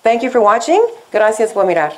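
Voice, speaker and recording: A woman teaching a scripted Spanish lesson, speaking slowly and deliberately as she switches between English and Spanish. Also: on the high side, very animated, low-quality recording.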